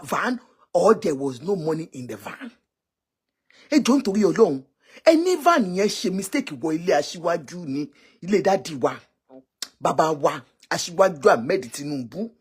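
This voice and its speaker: A Nigerian woman with a lowish, slightly mellow, husky voice delivers political commentary on a live stream. She scolds and exclaims, switching between languages as she goes.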